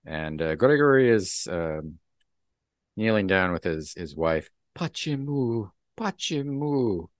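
Low-voiced man recapping comics. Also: lively intonation, unhurried, clear, resonant tone, no echo, studio quality. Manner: recaps the plot and acts out the dialogue. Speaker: podcast host. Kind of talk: casual comic book chat.

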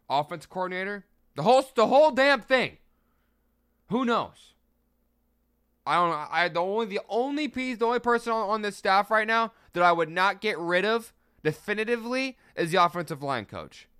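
A man's voice: mid-range voice, sharp tone, clean tone, no echo, studio quality. Emphatic man hosting a sports podcast. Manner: candid, emphatic, swears freely. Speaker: podcast host. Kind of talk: casual solo sports podcast.

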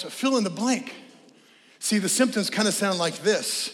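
A middle-aged man, a pastor giving a sermon, who talks in an animated way, sometimes rising to shouts and sometimes slipping in joking asides. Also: high-pitched, a little slow, big-room sound. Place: church sanctuary.

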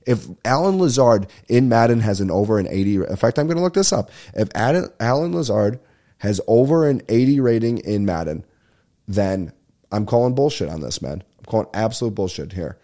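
A young man hosting a casual solo podcast, ranting and telling a story in a profane, rambling, animated way. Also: fairly low pitch, brisk. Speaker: podcast host. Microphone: podcast microphone at a desk.

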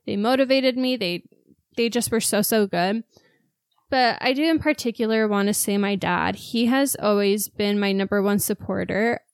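A woman's voice: medium pitch, normal speed, clear, resonant tone, dry recording, clean studio sound. A woman co-hosting a casual podcast, chatty and openly emotional as she talks. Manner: chatty, gets emotional and laughs through tears. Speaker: podcast co-host, esthetician.

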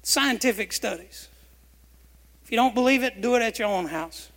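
High-voiced pastor preaching in a reverberant hall. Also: male voice, moderate pace, fairly bright tone. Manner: emphatic, asks the congregation questions and has them repeat phrases. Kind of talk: sermon. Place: church sanctuary.

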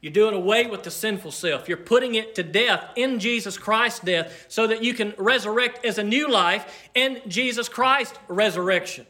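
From the pulpit, a man's high, bright voice carries an emphatic pastor's sermon. Deliberate, slowed-down pauses lend weight to each point he drives home.

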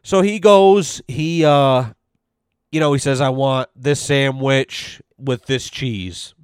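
Speaking slowly in a smooth, medium-pitched voice, a man rambles through a lengthy, profanity-laced story on his podcast and performs the quoted voices of its characters. The studio sound is clean, with no echo.

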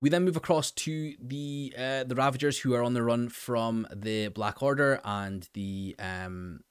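A man's voice: mid-range voice, measured pace, clean tone, no echo, clean studio sound. A man hosting a casual episode recap, rambling with many fillers and restarts. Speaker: show host recapping an episode. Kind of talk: casual commentary.

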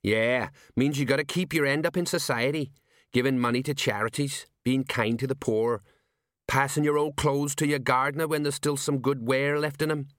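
A man's voice: medium pitch, steady tone, moderate pace, fairly bright tone, no room sound, clean studio sound, pitched above the performer's own voice, natural voice. A man voicing a chatty, knowing male sergeant in a tavern scene of an audiobook. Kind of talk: audiobook character voice.

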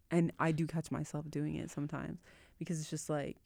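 A woman's voice: deep voice, fairly even intonation, a little fast, gravelly, darkish tone, no echo. A young woman talking casually as a podcast guest, laughing often and chatting freely. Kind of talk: casual chat.

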